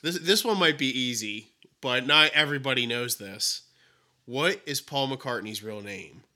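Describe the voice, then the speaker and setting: A man's voice: mid-range voice, animated, measured pace, pushed and bright. A man co-hosting a podcast, asking trivia questions in an easygoing, casual way. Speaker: podcast co-host.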